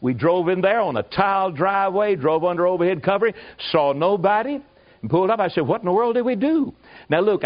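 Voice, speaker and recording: A man preaching, telling a folksy, animated story with asides to his listeners. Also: high-pitched. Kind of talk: storytelling sermon. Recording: muffled lo-fi recording.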